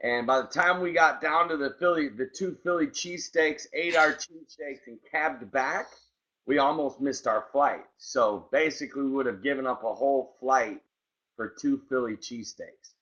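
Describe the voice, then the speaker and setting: A male podcast co-host speaks at normal speed with a medium pitch and a pushed, bright tone, eagerly greeting listeners by name in relaxed chat. Dull, lo-fi sound quality colors the recording.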